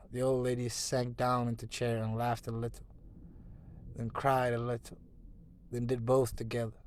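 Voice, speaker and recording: A man narrating a classic novel as an audiobook, with measured storytelling and dramatic pauses. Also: medium pitch, completely flat delivery, a little mellow, clear, resonant tone. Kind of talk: scripted narration.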